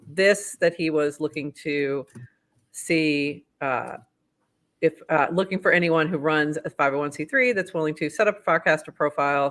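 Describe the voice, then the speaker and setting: A man with a Boston accent co-hosting a live show, briskly reading posts aloud and commenting on them. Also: fairly high pitch, fairly bright tone. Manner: brisk, upbeat, reads posts then comments. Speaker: co-host.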